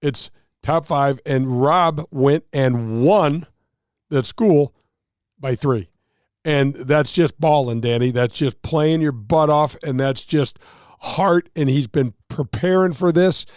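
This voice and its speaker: A man's voice: fairly high pitch, slow pace, darkish tone, no room sound, studio quality. A man, a touring golf pro, explaining rules and telling stories in a casual chat, acting out quotes and laughing at himself.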